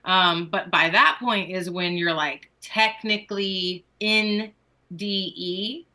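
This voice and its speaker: A woman guest on a podcast, unhurried and giggly, talking through her own story. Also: mid-range voice, pushed and bright, poor audio. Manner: unhurried, giggly, self-correcting. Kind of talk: casual podcast chat.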